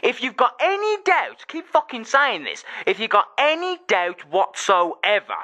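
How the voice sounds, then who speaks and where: A man's voice: very high voice, sing-song, unhurried, sharp tone. An angry young English man ranting and swearing on his solo gaming podcast.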